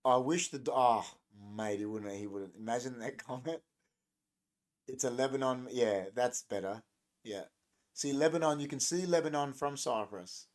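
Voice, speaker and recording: A man's voice: mid-range voice, normal speed. A young adult man, hosting a casual livestream, rambling and joking as he reacts to viewers' chat comments. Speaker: livestream host. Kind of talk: casual live-stream chat.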